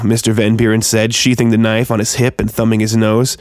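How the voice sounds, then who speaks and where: A man narrating a first-person horror story in a tense, steady storytelling manner. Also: on the low side, brisk, no echo, clean studio sound.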